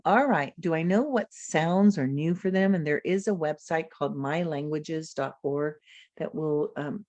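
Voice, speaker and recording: A woman gives a webinar lecture over a video call, her voice sitting slightly low. She models speech sounds aloud slowly and deliberately. The sound is close and dry, with no room echo. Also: darkish tone, lo-fi sound. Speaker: literacy educator presenting a webinar.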